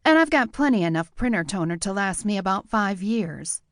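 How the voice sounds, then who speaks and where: A man voicing a wry, nervous young woman with a clipped Midwestern accent and a quick, smart mouth. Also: high voice, lively intonation, no room sound, clean studio sound, voice pushed up. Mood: teasing. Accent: Midwestern American.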